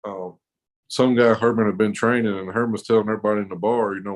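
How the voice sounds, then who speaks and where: A man's voice: fairly low pitch, fairly even intonation, fast, low-quality recording. A man telling a rowdy story on a podcast in a rambling, profane way, laughing often. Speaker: podcast guest. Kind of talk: casual storytelling.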